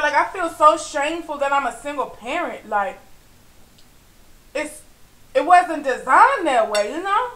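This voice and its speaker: High bright-voiced woman venting. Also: echoey room, low-quality recording. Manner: frustrated, preachy, asks "you know what I'm saying?"; swings from low weary murmurs to loud emphatic outbursts. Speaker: vlogger. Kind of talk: impassioned personal vlog monologue.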